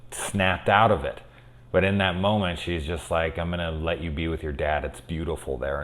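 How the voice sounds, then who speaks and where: A man with an extremely low, rumbling voice talks through a film in a loose, casual review. He rambles excitedly, swears freely and leans on "like" and "you know" as he goes.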